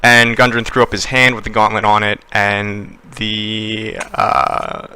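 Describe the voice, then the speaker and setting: A man's voice: on the low side, level tone, slow pace, pushed and bright, clean tone. A young man running a tabletop game as game master, narrating with many fillers and restarts.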